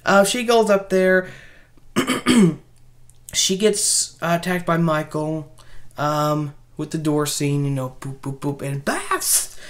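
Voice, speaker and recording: A woman's voice: lowish voice, slow. A woman casually retelling a horror film's plot, rambling, with many restarts and asides. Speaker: movie reviewer. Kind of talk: casual spoken movie recap.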